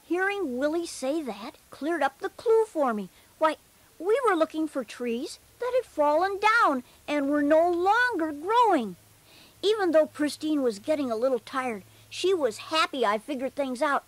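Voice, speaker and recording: Cheerful bear narrator, high voice, slow, gentle earnest storybook telling. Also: male voice, lively intonation, dry recording, heavily acted.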